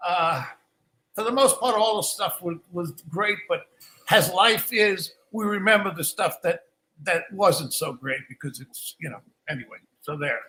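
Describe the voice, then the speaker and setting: An older man tells stories in a loose, rambling way during a live Q&A, doubling back and restarting his sentences. His voice is high for a man and sharply bright. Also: unhurried, slight background noise, poor audio. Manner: rambling, restarts often, acts out quoted lines. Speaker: guest musician. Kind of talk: casual storytelling in a live Q&A.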